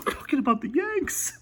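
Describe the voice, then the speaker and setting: A man's voice: very high voice, sharp tone. A man giving casual reaction commentary on a radio clip, sarcastic and laughing often.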